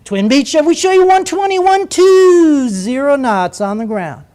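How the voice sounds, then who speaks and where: A man's voice: very high-pitched, animated, unhurried, a little mellow, pitched above the performer's own voice. A man playing an air traffic controller who reads out ground speeds in a sing-song radio voice that makes pilots feel important.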